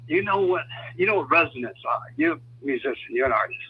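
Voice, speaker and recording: An older man from Buffalo, New York, a music producer, telling lively stories on a phone call and acting out what people said. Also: fairly high pitch, quick pace, slight background noise. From Buffalo, New York, USA. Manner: animated storyteller acting out quotes. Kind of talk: storytelling over a phone call. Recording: muffled phone line.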